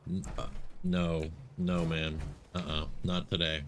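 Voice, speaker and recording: A man's voice: low voice, flat delivery, measured pace, slight background noise. A man streaming a video game live, commenting in a chatty, muttering way as he plays.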